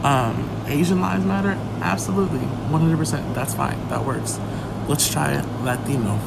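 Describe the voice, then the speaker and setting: A man's voice: fairly high pitch, moderate pace, gravelly, very noisy. A tired man who is feeling unwell delivers an emphatic, exasperated commentary over a screen recording. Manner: emphatic, exasperated, rising to heated outbursts. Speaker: content creator.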